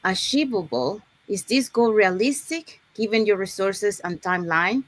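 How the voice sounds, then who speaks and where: A woman's voice: mid-range voice, animated, moderate pace, no room sound. A woman hosting an online live session, explaining goal setting step by step, with frequent "okay"s and restarts. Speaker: host.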